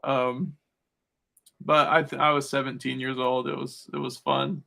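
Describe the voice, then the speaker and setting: Male podcast guest, mid-pitched gravelly voice, casual rambling storyteller who chuckles a lot. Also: flat delivery, measured pace, pushed and bright. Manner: rambling storytelling, laughs often between phrases. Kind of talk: casual chat.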